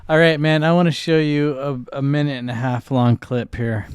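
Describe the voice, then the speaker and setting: Smooth-voiced man in casual podcast banter. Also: a little high, no room sound, studio quality. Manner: animated, swearing, quick asides. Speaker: podcast co-host.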